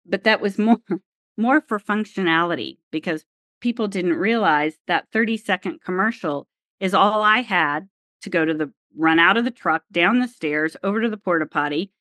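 A woman with a fairly low-pitched voice tells an anecdote on a podcast. She throws herself into it and acts out the lines of everyone in the story. The sound is close and dry, with no room around it. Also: normal speed, dry recording. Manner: animated storyteller acting out dialogue. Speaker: guest, former TV crew member.

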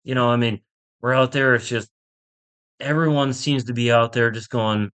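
A man's voice: mid-range voice, fairly even intonation, moderate pace, fairly bright tone. A man from Pittsburgh, a golf instructor, chatting as a podcast guest, enthusiastic and rambling, laughing often as he tells stories. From Pittsburgh, USA. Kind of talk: casual interview chat.

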